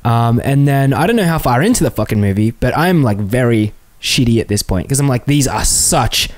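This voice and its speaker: Man, podcast co-host, animated and foul-mouthed, mid pitch. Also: fairly quick. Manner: animated, sweary, ranting. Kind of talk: casual chat.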